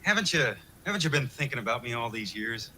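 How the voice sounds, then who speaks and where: A cocky, smooth-talking ladies' man, played by an actor. His voice rises and falls freely, and loud broadcast hiss runs under it. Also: mid-range voice, big pitch swings, quick pace, lightly acted. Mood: smarmy. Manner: cocky, smarmy. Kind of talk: 1970s sitcom acting. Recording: noisy broadcast recording.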